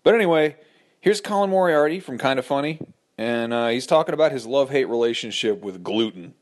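A man hosting a podcast, giving a relaxed, offhand introduction to the next segment. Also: medium pitch, brisk. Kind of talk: casual spoken intro.

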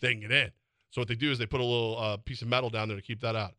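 A man in his forties hosting a sports radio show, teasing his co-host and telling animated stories in casual banter. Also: mid-range voice, very fast. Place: radio studio. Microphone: studio microphone.

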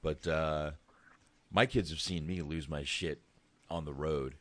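A man's voice: very deep voice, steady tone, measured pace, no room sound. A man in his thirties in casual chat, a laid-back, rambling and profane storyteller.

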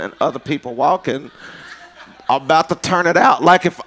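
A man giving a casual storytelling sermon, animated and joking as he talks straight to his listeners. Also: mid-range voice, normal speed.

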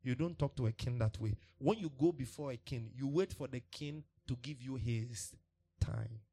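A man's voice: mid-range voice, normal speed, mellow. A man preaching a sermon, emphatic and repetitive, with laughs between points.

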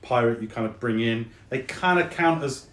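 Male game master, relaxed chatty narration, echoey recording. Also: mid-range voice, moderate pace. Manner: casual, chatty narration with fillers.

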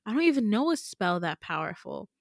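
A woman's voice: medium pitch, very animated, brisk, dry recording, studio quality. A woman quoting an earnest young male student friend who presses her with questions, in her own voice.

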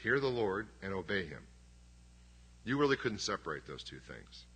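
A man's voice: deep voice, sing-song, normal speed, pushed and bright, slightly rough. A middle-aged man preaching a sermon as pastor, conversational and emphatic, with self-deprecating humor.

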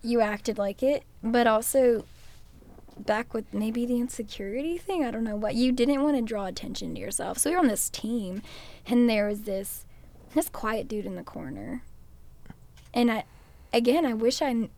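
A woman's voice: a little high, moderate pace, a little mellow. A young woman chatting casually with her partner, playful and teasing, laughing easily. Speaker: partner in a couple's conversation. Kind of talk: casual chat.

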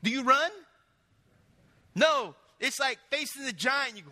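A man preaching a sermon as pastor, telling lively stories and putting questions to the congregation. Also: very high-pitched, fairly quick, in a large hall. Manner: animated storytelling, asks the congregation questions.

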